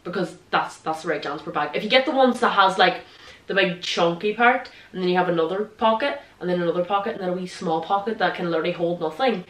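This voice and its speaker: A woman's voice: fairly low pitch, a bit bright, echoey room. A teenage girl with an Irish accent from Donegal, chatting jokily to camera in her bedroom. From Ireland. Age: teens. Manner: chatty, jokey, quick to laugh. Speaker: vlogger. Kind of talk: casual chat to camera.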